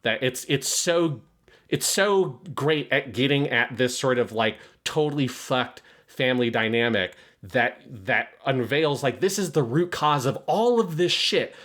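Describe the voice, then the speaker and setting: Male co-host, casual and profane film analysis, mid pitch. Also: expressive, unhurried, fairly bright tone. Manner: profane, impassioned analysis with acted quotes. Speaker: podcast co-host. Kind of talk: casual film review discussion.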